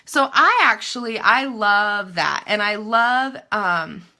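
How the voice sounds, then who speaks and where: A woman novelist in her thirties, chatting live to viewers with emphatic, animated writing advice and self-mocking asides. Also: mid-range voice, takes it slowly. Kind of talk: live video chat answering viewer comments.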